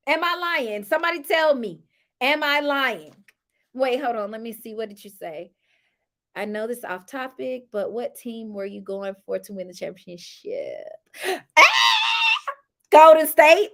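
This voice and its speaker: A woman with a Southern accent, chatting casually as she reviews a reality show for her viewers, laughing often and addressing them as y'all. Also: high voice. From United States. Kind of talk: casual live review chat.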